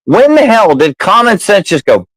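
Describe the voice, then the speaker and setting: Profane, animated storytelling man. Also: sits high, moderate pace, no room sound, low-quality recording. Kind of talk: casual storytelling chat.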